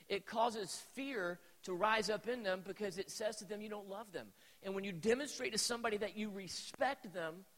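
A man in his forties telling a personal story as a sermon to a live youth audience, animated and talking straight to the crowd. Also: high-pitched. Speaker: preacher at a youth event. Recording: echoey hall.

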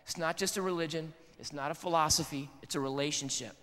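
A man's voice: fairly high pitch, fast talker, fairly bright tone. A man in his thirties preaching a sermon in a casual, conversational and earnest way. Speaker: pastor. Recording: long hall reverb.

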